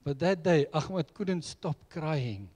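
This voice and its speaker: A man's voice: fairly high pitch, expressive, slow, darkish tone. A middle-aged man preaching a sermon, telling personal stories in an earnest way. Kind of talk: sermon with storytelling.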